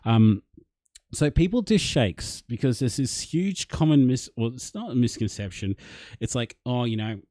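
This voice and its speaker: A man's voice: mid-range voice, normal speed, dark tone, dry recording. A young Australian man hosting a casual livestream, chatting matily as he reads out and answers viewer comments. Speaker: livestream host.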